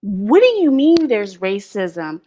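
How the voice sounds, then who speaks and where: Speaking slowly in a mellow, sing-song, mid-range voice, a vlogger from the United States rants candidly and profanely to her live stream viewers, laughing a lot. She records at home on her laptop's built-in mic, which adds a little hiss or hum.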